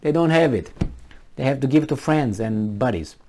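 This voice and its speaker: A man's voice: mid-range voice, animated, moderate pace, warm tone, a little hiss or hum. A man giving sarcastic, mocking commentary on the news, reading it out and talking back with emphatic asides. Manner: talks back to the news, with scattered laughs and asides. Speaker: video commentator.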